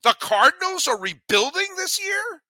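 A man's voice: very high voice, moderate pace, no room sound. A man hosting a baseball podcast, talking animatedly with rants and jokes, including a read-through ad. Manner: animated, ranting, joking. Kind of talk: energetic sports talk with ad read.

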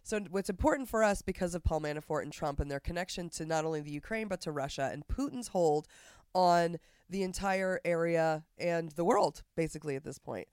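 A man co-hosting a casual politics podcast, swearing freely and rambling from point to point. His voice is smooth and clear, recorded dry and close to the mic. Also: on the high side, a little fast, no room sound. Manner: profane, rambling and animated. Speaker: podcast co-host.

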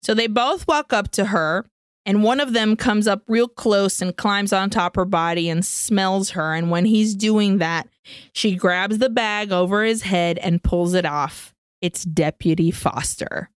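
A woman's voice: mid-range voice, unhurried, clear, resonant tone, no room sound, studio quality. A woman co-hosting a podcast, animatedly retelling a film plot in casual chat and swearing freely. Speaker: podcast co-host.

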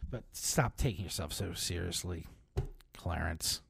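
A man's voice: low voice, unhurried, vocal fry, background noise. A man hosting a podcast, riffing in a casual, profane, comedic storytelling style with frequent laughs. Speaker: podcast host. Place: touring, recorded while traveling.

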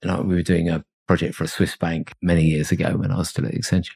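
Brief: middle-aged male guest, deep husky voice, reflective and meandering. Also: level tone, fast, a little mellow. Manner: reflective, rambling with fillers and chuckles. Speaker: consultancy founder, podcast guest. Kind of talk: conversational interview.

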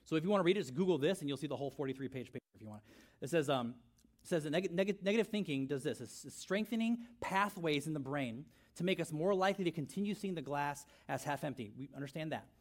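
Male pastor, energetic sermon delivery, slightly high voice, repeats key lines. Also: quick pace. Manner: animated, rhetorical questions, repeats phrases.

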